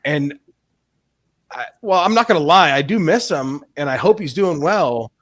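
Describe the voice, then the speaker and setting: A man in his forties chats loosely on a livestream, circling back and restarting his sentences as he goes. His pitch sits a little on the high side, and he swears casually. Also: animated, measured pace, fairly bright tone. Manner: rambling, restarts often, swears freely. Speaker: stream host.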